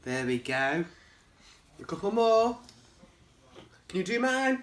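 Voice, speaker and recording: A man with a gentle, patient and coaxing manner, chatting casually and asking lots of encouraging questions while making a treat in a home kitchen. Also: sits high, very animated, slow pace, pauses often, a little hiss or hum. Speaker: co-host of a home cooking video.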